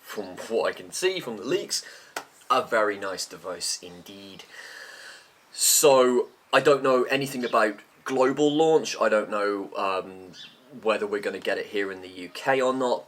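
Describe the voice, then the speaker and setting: Chatty man, low voice. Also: a bit bright, a little hiss or hum. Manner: chatty, rambling, talks with mouth full. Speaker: tech vlogger. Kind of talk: unscripted casual chat.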